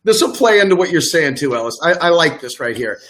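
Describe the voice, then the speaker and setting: A man hosting a talk show, chatty and halting, presenting material on screen to his guest. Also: a little high, sing-song, fairly bright tone. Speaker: show host.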